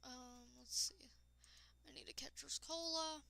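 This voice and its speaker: A woman streaming a game and chatting casually with her viewers. She talks in a rambling way, addresses chat directly and sounds tired and low-energy. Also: fairly even intonation, measured pace, gravelly, pushed and bright, slight background noise, low-quality recording. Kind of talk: casual live-stream chat while gaming.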